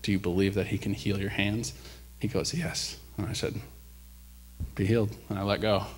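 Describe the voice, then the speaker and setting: Animated man telling a sermon story. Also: on the low side, brisk. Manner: animated storyteller, acts out quoted voices, rises loud when preaching. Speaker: preacher sharing a testimony. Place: church.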